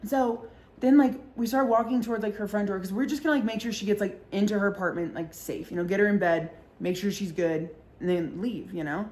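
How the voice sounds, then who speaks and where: A woman tells a story in casual podcast chat, packing her talk with fillers and swearing freely. Her voice sits in an ordinary middle pitch. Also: a little mellow. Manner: fast-talking, full of fillers and swearing. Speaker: podcast host.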